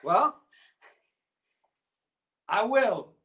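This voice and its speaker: Livestreaming a virtual rockabilly concert from home, this male singer and guitarist has a high, sharp voice with big pitch swings and drawn-out words. Between songs he banters loosely and jokily, with frequent laughs and filler words.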